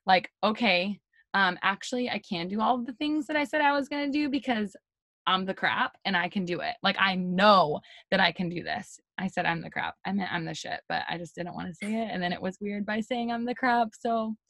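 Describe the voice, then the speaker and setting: A woman on a video call giving an energetic, chatty pep talk to her team, full of "like" and "you guys". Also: mid-range voice, a little fast, no room sound.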